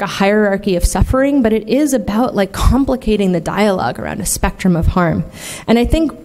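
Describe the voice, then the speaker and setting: A woman delivers a conference keynote in an earnest, candid voice at a middle pitch. She presses her points with emphasis and keeps checking in with the audience, her speech dotted with casual fillers. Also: darkish tone. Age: adult, in the field twenty years. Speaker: conference plenary speaker. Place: conference hall.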